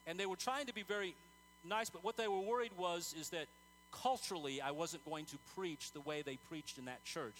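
A man's voice: mid-range voice, a bit bright, slight background noise, low-quality recording. A man preaching a sermon in an earnest, conversational way, telling stories with many fillers and restarts.

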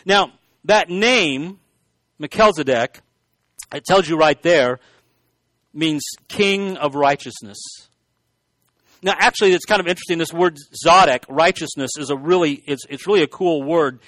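A man's voice: on the high side, measured pace, long pauses, fairly bright tone, no room sound. A man preaching a sermon in a conversational way, full of asides and restarts. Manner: conversational, self-deprecating asides, frequent restarts. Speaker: pastor.

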